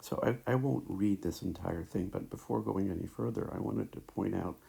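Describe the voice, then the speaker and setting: Into a tablet mic, a man teaches a recorded lecture over slides, speaking haltingly with many fillers and restarts. His voice sits low and sounds creaky and mellow.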